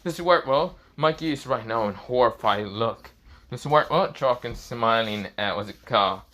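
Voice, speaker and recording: A man's voice: medium pitch, lively intonation, moderate pace, bright, forceful tone. A man improvising a fan story as narrator, rambling with many repeated filler phrases.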